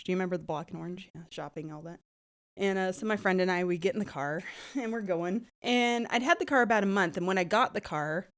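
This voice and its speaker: Brief: woman, casual animated storyteller, laughs a lot, chatty filler words. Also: on the low side. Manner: animated, laughing, heavy use of "like".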